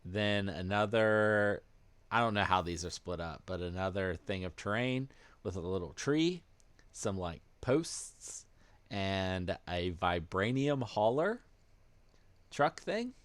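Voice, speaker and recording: A man with a very low voice hosts a casual podcast and moves through the news at an unhurried pace. He explains things haltingly and leans on plenty of fillers. His voice sounds dry and close to the mic. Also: expressive, smooth, dry recording. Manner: hesitant, filler-heavy explaining. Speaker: podcast host presenting news.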